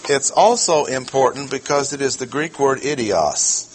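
A man preaching a Bible teaching sermon, speaking deliberately and emphatically, slowing down to stress key words and putting questions to his listeners. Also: medium pitch, a little hiss or hum, poor audio. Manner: asks the audience questions.

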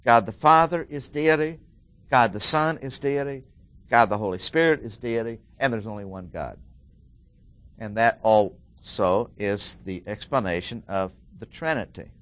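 A middle-aged man delivers expository Bible teaching at an unhurried pace. He builds his points by repeating phrases and leaning hard on single words. His voice sits at an ordinary mid pitch. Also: fairly bright tone. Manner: deliberate, repeats key phrases with emphasis. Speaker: preacher.

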